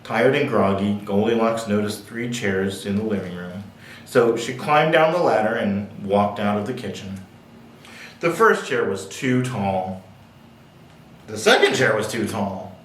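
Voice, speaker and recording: A man's voice: on the low side, expressive, a little slow, slight background noise. A man reading picture books aloud at a library, with playful, jokey asides. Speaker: library storyteller. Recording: echoey room, distant mic.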